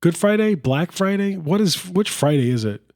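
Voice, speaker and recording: A man's voice: sits high, animated, moderate pace, darkish tone. Easygoing rambling podcast co-host man. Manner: laid-back, rambling, uses lots of fillers. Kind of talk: casual film podcast chat.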